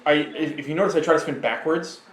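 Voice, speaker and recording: A man in casual chat, calmly explaining his sparring technique while watching the video, with some swearing. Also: a little high, fast. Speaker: co-host, sparring partner. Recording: roomy echo.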